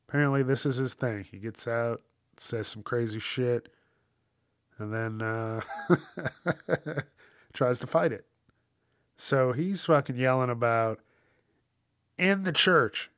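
A man's voice: medium pitch, no echo, studio quality. A man hosting a casual news commentary show, swearing often and ranting with frequent laughs. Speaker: host.

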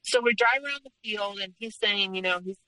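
Young woman telling her story on a podcast, earnest, bright forceful voice, dry close sound. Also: medium pitch, fairly quick, dry recording, rough recording. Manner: earnest, retelling past events in present tense. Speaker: podcast guest. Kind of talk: personal story told in conversation.

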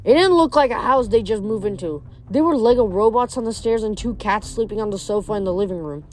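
A woman reading a novel aloud, steady and expressive. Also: medium pitch, a little fast. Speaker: reader. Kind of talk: audiobook narration.

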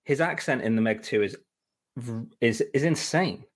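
A man's voice: medium pitch, lively intonation, normal speed. A man co-hosting a podcast, telling rambling, exasperated stories full of fillers and restarts. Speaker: musical director and co-host. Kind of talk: casual chat.

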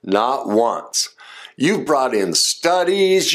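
A man's voice: medium pitch, very animated, slow, a bit bright. A man giving advice to listeners as a coach, talking emphatically and acting out short example quotes. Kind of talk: direct-address advice talk.

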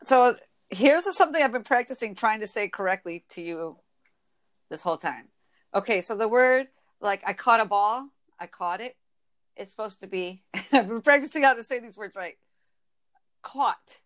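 A woman in her twenties from Michigan with an Inland North accent, chatting casually as a podcast host, a bit nasal and quick to laugh. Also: medium pitch. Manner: chatty, laughs often, quick when excited. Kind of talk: casual chat.

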